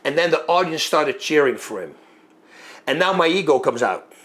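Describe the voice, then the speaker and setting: A former fighter telling a long story in a lively way, acting out moves and sounds as he goes. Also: fairly high pitch, normal speed. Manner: animated, acts out moves and sounds. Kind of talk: storytelling monologue.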